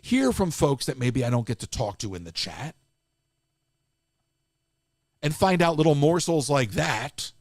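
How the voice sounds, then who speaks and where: A man's voice: mid-range voice, sing-song, a little slow, long pauses, no echo, studio quality. A man hosting a live stream, ranting casually in an exasperated way and restarting his sentences often.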